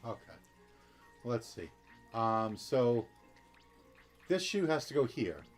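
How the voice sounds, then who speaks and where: A man's voice: mid-range voice, big pitch swings, slow, faint music behind. A man casually commenting on a video game, reading the text aloud and talking himself through puzzles. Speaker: let's play gamer.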